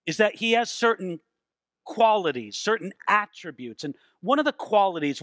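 A male pastor preaching a sermon, animated, with dramatic slowdowns and acted-out quotes. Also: high voice, dry recording.

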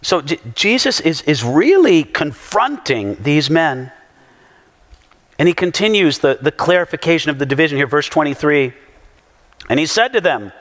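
A man preaching a sermon as pastor, an animated storyteller who acts out the quotes he tells. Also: a little high, moderate pace. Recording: long hall reverb.

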